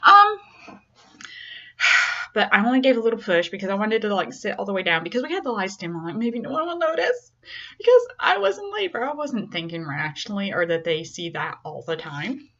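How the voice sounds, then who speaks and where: A young woman chats through a personal story in a candid, self-deprecating way, her voice sitting at an ordinary middle pitch. She acts out other people's lines with big leaps upward. The audio sounds a little muffled, like a home video recording. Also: big pitch swings, fairly quick, bright, forceful tone. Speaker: mother telling her birth story.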